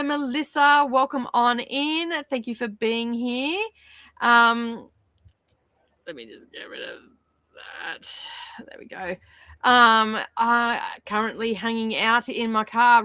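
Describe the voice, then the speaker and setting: Bright chatty woman streamer. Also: on the high side, no room sound, clean studio sound. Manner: chatty, laughing, many fillers. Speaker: livestream host. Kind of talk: casual chat with viewers.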